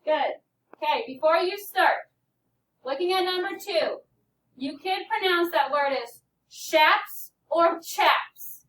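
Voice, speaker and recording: A woman's voice: very high voice, measured pace, a bit bright, slight background noise. A woman teaching a phonics lesson to a class, patiently prompting students and calling on them by name. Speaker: elementary school teacher. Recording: echoey classroom from far off.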